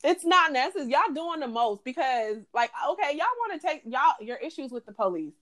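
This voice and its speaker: A young woman venting on a casual podcast, her voice sitting a little high as she rants with heat and plenty of swearing. She talks fast and animated, her emphasis rising as she builds her points. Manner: heated, profane, animated ranting. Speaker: podcast co-host.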